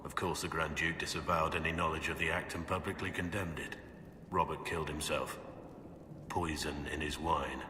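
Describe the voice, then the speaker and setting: An actor playing a gravelly, guilt-ridden warrior in a video game, speaking gravely and condemning himself. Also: male voice, steady tone, normal speed, bright, forceful tone, reverberant, big-room sound, a little hiss or hum. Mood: flat confession. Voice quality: deep gravelly voice. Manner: grave, heavy, self-condemning. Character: gruff guilt-ridden male warrior confessing.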